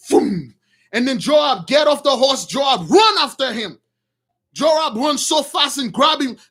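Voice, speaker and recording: Retelling an old story for viewers, this religious storyteller speaks in a very high male voice. Animated bursts of speech regularly rise to shouts, and he tends to back up and begin his sentences again.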